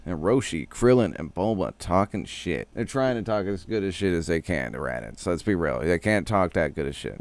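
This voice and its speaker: A man's voice: sits low, no room sound. A man recapping an anime episode in a loose, profane, slangy and joking way. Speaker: anime reviewer.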